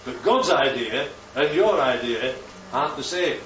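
A man preaching a sermon, animated and full of rhetorical questions, his voice leaping up for emphasis. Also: medium pitch, a little slow, slight background noise. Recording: roomy, distant, dull sound with faint ambience.

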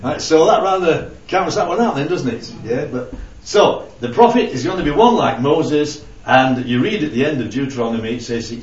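Lively man leading a Bible study. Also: on the high side. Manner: conversational, keeps checking in with "right?" and "yeah?". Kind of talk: informal Bible study teaching. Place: room with a small group. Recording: roomy, distant, dull lo-fi recording.

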